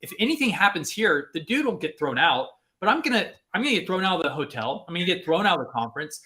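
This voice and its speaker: A man on a podcast telling a personal story in a casual, animated way, acting out the people he quotes. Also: high-pitched, quick pace. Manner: animated, acts out quotes with lots of fillers. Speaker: podcast host.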